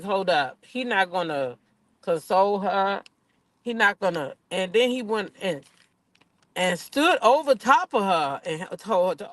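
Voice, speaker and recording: A woman's voice: medium pitch, no room sound. Profane, blunt woman ranting from her car. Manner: blunt, profane, animated, talks back to chat. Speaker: reality TV commentator. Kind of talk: casual rant to viewers. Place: in a car at a drive-through.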